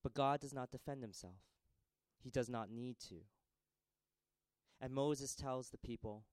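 A man's voice: medium pitch, a little slow, pauses often, no room sound, rough recording. Dramatic preaching man, dry close sound. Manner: dramatic, repetitive cadence, swinging between raised pleas and hushed lines. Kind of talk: sermon.

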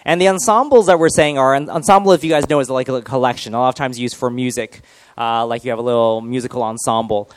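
A man's voice: medium pitch, quick pace, no room sound. A male pastor giving a casual, joking sermon and quizzing his congregation.

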